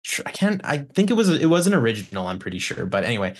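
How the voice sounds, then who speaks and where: A man's voice: medium pitch, very animated, fast. A man telling studio stories on a podcast, rambling with restarts and swearing. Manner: rambling, many restarts, swears, mimics clients. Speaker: guest, recording engineer. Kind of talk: casual podcast chat, storytelling.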